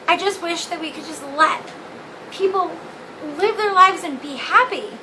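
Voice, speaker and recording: Filming on her phone in her living room with a noisy background, a young woman vlogger delivers a candid opinion rant to camera. Her extremely high voice moves at a measured pace, with swearing and self-mockery throughout.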